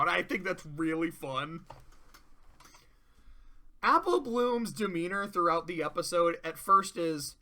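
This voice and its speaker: A young man casually reviewing a cartoon episode, talking in a loose, animated way and swearing freely. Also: sits high, a little slow, pauses often.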